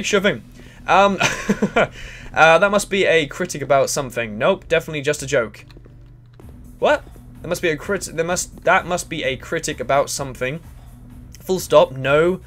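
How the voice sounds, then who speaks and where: Man, let's play commentary, excitable and crude, bouncy animated delivery, faint game music behind. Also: a little high. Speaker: gaming channel host.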